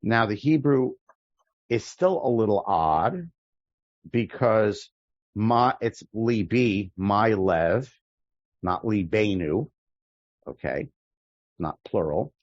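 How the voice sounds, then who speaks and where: A man teaching a prayer-book class as a rabbi, explaining the text line by line in a thoughtful way, often pausing and restarting mid-sentence. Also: fairly low pitch, lively intonation, dry recording, muffled recording. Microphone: video call.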